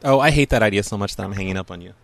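Low-voiced man hosting a joking chat. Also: rapid-fire, gravelly. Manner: joking, teasing. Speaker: host. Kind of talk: casual group chat.

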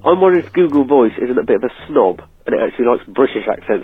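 A man's voice: mid-range voice, lively intonation, quick pace. A man gives a suggestion over the phone in a dry, matter-of-fact tone. The line sounds thin and tinny, and faint music plays behind him. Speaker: caller leaving voicemail.

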